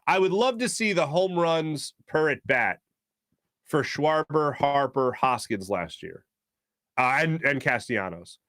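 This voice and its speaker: A man hosting a sports talk show, rambling in quick, animated bursts full of fillers and reading ads live. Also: mid-range voice, dry recording.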